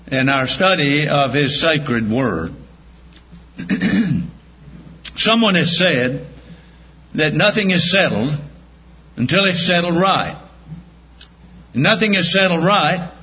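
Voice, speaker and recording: A man preaching a sermon, telling homespun stories and repeating his points slowly for emphasis. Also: fairly high pitch, bright, forceful tone. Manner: folksy, homespun storytelling with slow emphatic repetition. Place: church. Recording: echoey church room.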